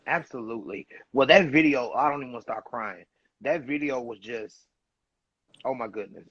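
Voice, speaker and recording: A man's voice: mid-range voice, moderate pace, a bit bright, breathy edge, no room sound. A man hosting a casual interview show, effusive and encouraging toward his guest. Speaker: host. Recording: dull muffled dry sound.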